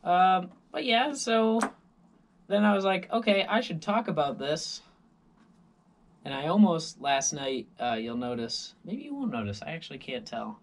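A man's voice: a little high, big pitch swings, moderate pace. A tired man vlogger telling a rambling story in a casual monologue, full of voices and sound effects.

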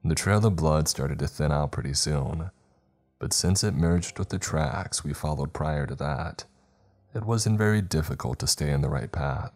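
Brief: male horror storyteller, very low and steady, with faint music underneath. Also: moderate pace. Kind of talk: scripted first-person horror narration.

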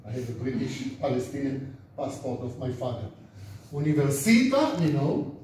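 Older Israeli rabbi lecturing in an echoey room. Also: male voice, mid-range voice, fairly even intonation, normal speed, dark tone. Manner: chatty, asks the class questions, repeats words for drill. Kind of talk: informal classroom lecture. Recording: echoey lecture room, mic far off, faint noise.

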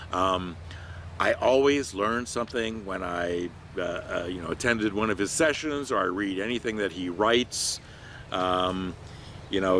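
A man's voice: fairly low pitch, a bit bright, a little hiss or hum. An older man who works as a training consultant, telling stories about his career in a rambling, conversational way with many fillers. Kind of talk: reflective talk to camera.

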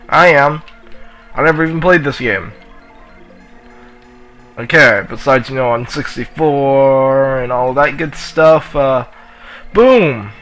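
Man, let's play commentary, excitable, heckles racers, sore throat, very bright tone, faint game music behind. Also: fairly high pitch, rough recording. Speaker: gamer playing on his channel.

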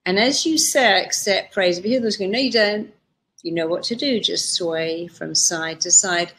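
A woman therapist guiding listeners through a session of spoken affirmations, with slow, emphatic repetition. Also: lowish voice, a bit bright. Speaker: therapist leading a guided exercise.

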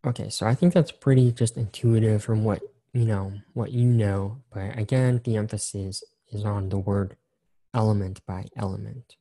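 A man with a low, very dark and mellow voice teaches an engineering class. He talks casually and repeats his key point, counting through examples one step at a time. Keyboard clicks tap along behind him as he types. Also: fairly even intonation, moderate pace, few pauses. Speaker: engineering instructor. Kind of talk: recorded screen-share lecture.

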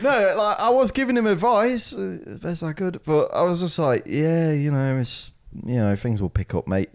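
Young guy on a chatty podcast, laughs a lot, voice jumps all over, does gruff voices for quotes. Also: on the high side, animated, moderate pace, few pauses. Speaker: podcast co-host. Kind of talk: casual chat.

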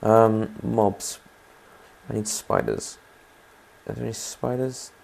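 Gravelly man narrating his gameplay. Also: on the low side, steady tone, slow, noisy background. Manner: rambling, chatty, asks viewers to comment. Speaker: gaming channel host. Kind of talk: let's play commentary.

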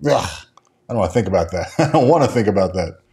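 A man's voice: on the low side, lively intonation, fast, dark tone. A man hosting a casual stock market livestream, talking in a rambling way with many restarts and fillers as he reads and answers viewer chat. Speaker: stock market show host.

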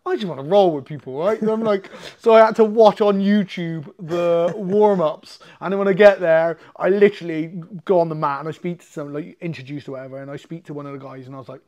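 A man, a fighter as podcast guest, telling lively stories and acting out conversations. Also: on the high side, brisk, few pauses, muffled recording. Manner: animated, swearing, acts out quoted exchanges. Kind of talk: casual storytelling.

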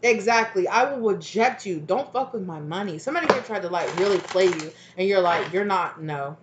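A woman doing a casual tarot reading, animated and profane, with frequent laughter and quoted asides. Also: mid-range voice, fairly quick, lo-fi sound, noisy background. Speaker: tarot reader.

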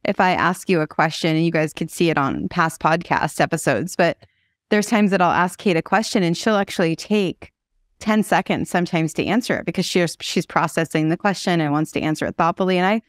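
A woman's voice: fairly low pitch, a little fast, dry recording, studio quality. A woman hosting a podcast, enthusiastic and affirming toward her guest. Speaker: podcast host. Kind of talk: casual podcast interview.

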